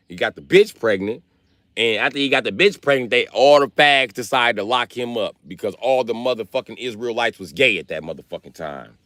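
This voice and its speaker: A man on a livestream rants in a rambling, profane comic monologue. His voice swings widely up and down in pitch as he tells the story. The sound is dry and close. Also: a bit bright, no echo. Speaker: livestream host. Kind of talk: comedic livestream rant.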